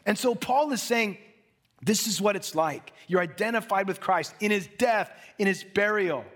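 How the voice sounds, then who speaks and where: A male pastor preaching a sermon in an animated way, acting out little dialogues and laughing as he talks. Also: high voice, moderate pace.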